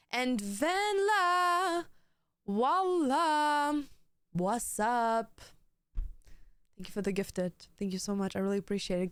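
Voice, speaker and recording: A woman's voice: medium pitch, clean tone, no echo. A young woman livestreamer chatting casually, rambling and joking with lots of swearing between thanks to viewers. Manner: rambling, profane, jokey banter.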